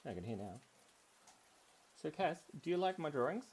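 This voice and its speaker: A man's voice: fairly high pitch, big pitch swings, normal speed, darkish tone, slight background noise. A man hosting a live drawing stream from a room at home, chatting in a playful, giggly way and telling silly stories. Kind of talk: casual rambling chat while drawing. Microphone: headphones on, desk mic.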